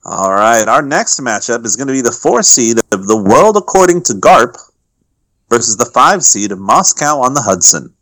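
A man hosting a podcast panel, briskly announcing matchups and tallying votes. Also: mid-range voice, very animated, a bit bright, dry recording, poor audio. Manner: brisk, moderating. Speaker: podcast host and moderator. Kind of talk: casual chat.

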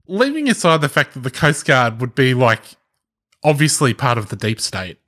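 A man co-hosting a podcast, throwing in quick jokes during casual comedic chat. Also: mid-range voice, big pitch swings, fairly bright tone. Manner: quick quips, laughing. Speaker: podcast co-host.

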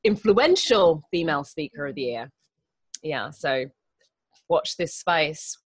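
A woman's voice: low voice, expressive, slow pace, husky, dry recording. A woman from the Turks and Caicos Islands with a mixed international accent, partly American and partly Australian, chatting as an interview guest. She is bubbly and theatrical and laughs often. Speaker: guest, event organizer. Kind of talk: casual interview chat.

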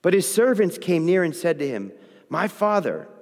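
A man's voice: fairly high pitch, sing-song, fairly quick, darkish tone. A man preaching a sermon and reading from the Bible, talking conversationally and checking in with his listeners. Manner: conversational, keeps checking in with "okay?". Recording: long hall reverb.

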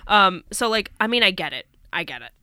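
A woman's voice: medium pitch, lively intonation, brisk, bright, forceful tone. A young woman co-hosting a casual sports podcast, chatty and laughing often, with lots of "like" fillers. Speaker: podcast co-host.

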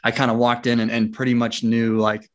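Man telling a lively story. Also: medium pitch, brisk. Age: adult with young children. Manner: lively storyteller, acts out dialogue, laughs often; frequent fillers and restarts. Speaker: interview guest, property investor. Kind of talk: casual storytelling in conversation.

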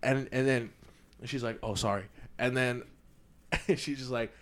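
A man's voice: medium pitch, level tone, slow pace, fairly bright tone. Guy on a podcast telling a long work story, acts out everybody's lines, says you feel me constantly. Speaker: podcast co-host. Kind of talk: casual storytelling chat.

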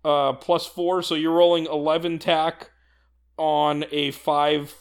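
Higher-voiced man explaining game rules. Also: flat delivery, slow, smooth. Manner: enthusiastic, explains rules at length, laughs often. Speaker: podcast co-host. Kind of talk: casual tabletop game discussion.

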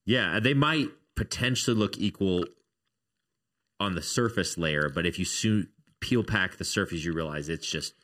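A man co-hosting a casual theology podcast, agreeable and quick to joke, with lots of short affirmations. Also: deep voice, sharp tone. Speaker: podcast co-host.

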